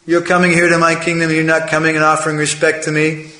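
A man's voice: mid-range voice, steady tone, normal speed, a bit bright, close to an everyday voice. A man voicing a boastful, overfed male crow who swaggers, taunts and later begs, in a storytelling talk. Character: boastful fat male crow, proud then terrified. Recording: echoey room.

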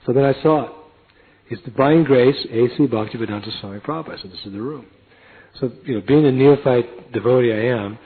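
A man with a husky voice telling a personal story in a lively way, acting out the other people in it. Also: medium pitch. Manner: acts out other people's lines in quick voices. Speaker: storyteller recounting a devotee memory. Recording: tinny phone-like lo-fi recording.

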